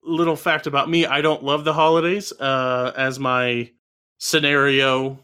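A man's voice: mid-range voice, level tone, a little slow, bright, forceful tone, clear, resonant tone. A man co-hosting a casual film review podcast, talking through his notes with dry, sardonic humor. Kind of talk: casual chat.

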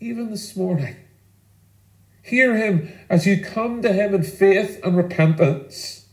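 A man preaching a sermon in an earnest, emphatic way, leaning on pauses for weight. His voice sits a little higher than most men's. The sound carries a roomy echo. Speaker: pastor.

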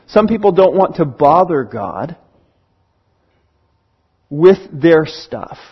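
A man, a church elder, preaching a sermon in an earnest, pastoral way with slow, emphatic pauses. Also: fairly high pitch, sing-song, breathy edge, lo-fi sound.

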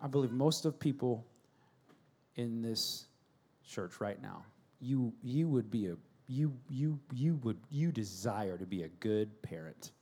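A pastor giving a sermon in a church, swinging between loud shouted storytelling and quiet, earnest asides. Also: male voice, mid-range voice, lively intonation, unhurried, husky.

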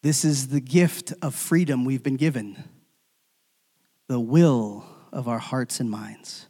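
A man preaching a sermon as pastor, swinging from loud emphatic calls to hushed, near-whispered endings. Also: medium pitch, fairly even intonation, slow, husky. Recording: long hall reverb.

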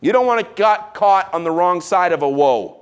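A man preaching a sermon, reading scripture with rising emphasis and dropping into casual, quiet asides. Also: high voice, expressive, normal speed, smooth. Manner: casual asides with fillers between solemn readings.

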